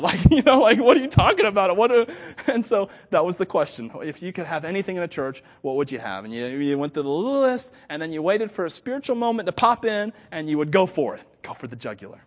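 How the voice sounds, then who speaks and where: A man preaching a storytelling sermon, animated, with frequent chuckles and stammered restarts. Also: sits high. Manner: chuckles often while talking.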